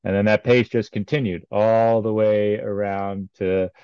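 A man's voice: on the low side, level tone, a little slow, clear, resonant tone, no echo, dull audio. A man recounting a race in casual podcast chat, rambling with many ums and uhs.

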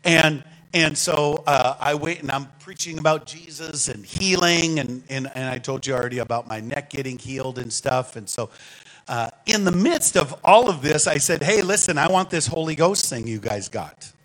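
A man with a fairly high voice preaches from a church pulpit, telling his story in an animated, conversational way. He drops to quiet asides and then bursts out loudly, laughing along with the congregation. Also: normal speed, low-quality recording. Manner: animated, swings between hushed asides and loud exclamations. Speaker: guest preacher. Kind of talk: storytelling sermon. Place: church sanctuary.

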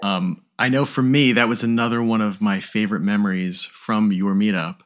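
Man hosting an interview, measured and appreciative. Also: fairly low pitch, steady tone. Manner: measured and appreciative, with some ums. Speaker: podcast host. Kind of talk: interview conversation.

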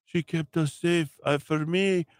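A man's voice: on the high side, fairly even intonation, clear, resonant tone, dry recording, clean studio sound, voice pushed up, natural voice. A man doing a stammering old New Mexican man. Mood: mock-grateful. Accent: put-on New Mexican Spanish-tinged. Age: older. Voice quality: halting, stammering, drawn out. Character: rambling grateful old man, thankful to the governor.

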